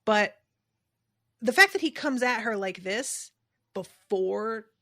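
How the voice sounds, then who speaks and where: A woman's voice: a little high, animated, slow, fairly bright tone. Emphatic woman recapping a show. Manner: emphatic, swears freely, acts out quotes. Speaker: podcast co-host. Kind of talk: casual chat recapping a TV episode.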